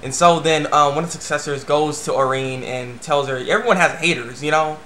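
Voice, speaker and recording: A man rambling casually through an anime episode review, breaking into squeaky voices for quoted characters. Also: fairly quick, sharp tone, roomy sound, slight background noise.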